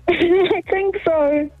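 A woman's voice: very high voice, fairly even intonation, drawn-out words, no echo, soft background music. A woman caller on a radio show, tearful and giggly with emotion, heard over a phone line.

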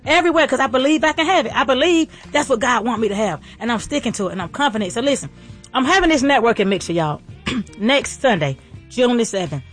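Female restaurant owner, motivational faith talk; rapid, repetitive, sermon-like cadence. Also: a little high, slightly rough. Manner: fast, preachy, repetitive rallying cadence.

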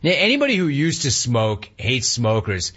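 A man in his fifties hosting a call-in talk radio show, ranting with animated energy and mocking voices. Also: moderate pace, husky, dull audio. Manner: animated ranting, mocks cheerful clerks in a high voice. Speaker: radio talk show host taking calls.

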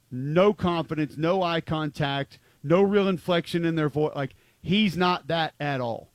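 A man's voice: fairly high pitch, a little slow, hardly any pauses, no echo. A man co-hosting a football talk show, chatting casually and emphatically with lots of filler words. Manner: rambling, frequent "like" fillers, emphatic. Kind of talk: casual sports chat.

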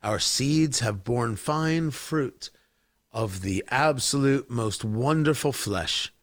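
A man voicing a scheming male revolutionary ringleader in a low, slow, menacing murmur. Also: animated, no room sound, studio quality. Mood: gloating.

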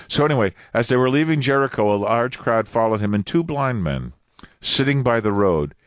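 Male preacher, expressive sermon delivery, repeats for emphasis, dry recording. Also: mid-range voice, dry recording. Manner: expressive, repeats and stresses phrases.

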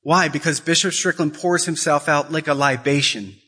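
A Catholic speaker preaches with passion in a slightly high, sharp male voice with a breathy edge, speaking at normal speed. He is emphatic and repeats his questions for effect.

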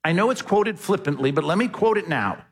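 Husky pastor preaching in a reverberant hall. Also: male voice, high-pitched, lively intonation, a little fast. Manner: conversational, asks the congregation questions. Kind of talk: expository sermon.

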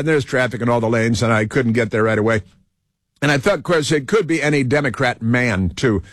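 A man's voice: medium pitch, no room sound, clean studio sound. A man hosting a talk radio show, telling a rambling story in a casual monologue and laughing mockingly along the way.

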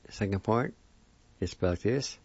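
A man slowly teaching the spelling and pronunciation of new words, repeating each syllable with care. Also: fairly low pitch, gravelly, darkish tone, husky, no echo. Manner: slow, deliberate, repeats syllables carefully. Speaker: language teacher. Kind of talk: slow spelling and pronunciation lesson. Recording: dull lo-fi sound.

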